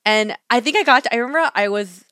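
A woman's voice: fairly high pitch, fast, bright, forceful tone, no room sound, studio quality. A young woman co-hosting a podcast, telling a story in casual chat and acting out her own reactions. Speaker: podcast co-host.

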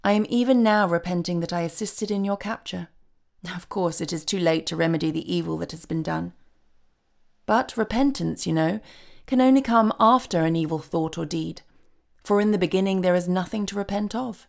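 A woman voicing a soft-spoken, regretful male demon of repentance in a storybook reading, pleasant and pleading in tone. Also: fairly low pitch, normal speed, gravelly.

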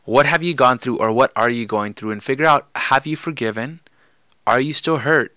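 Bright-voiced man giving encouraging advice. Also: medium pitch, normal speed, no room sound. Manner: encouraging, supportive, restating points. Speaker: podcast co-host. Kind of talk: heartfelt marriage advice talk.

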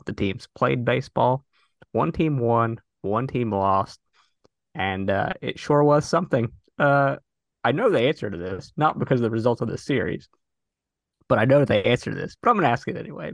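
Male podcast host, deadpan jokes, gravelly low voice, dry close sound. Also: no echo. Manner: deadpan, self-deprecating humor. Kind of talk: casual chat.

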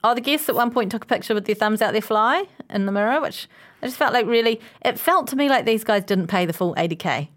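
A woman co-hosting a casual podcast recap, rambling and restarting her sentences, dropping lower for asides. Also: expressive, fast. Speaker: podcast co-host.

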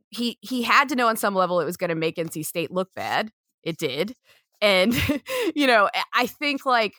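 Woman, sports reporter, podcast guest, chatty, laughs often, bright voice, dry close mic. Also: mid-range voice, no echo. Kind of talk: casual podcast conversation.

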